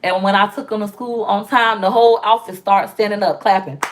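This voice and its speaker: Offene, lebhafte Frau erzählt locker in ihrem Vlog und spielt Zitate nach. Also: female voice, medium pitch, fairly quick, very noisy. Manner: candid and animated, acts out quoted voices. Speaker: vlogger and mother. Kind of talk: casual storytelling vlog.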